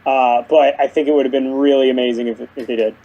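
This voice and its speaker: A podcast co-host in casual chat about a cartoon episode, jokey and excitable, swearing casually. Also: medium pitch, fast talker, highs cut off.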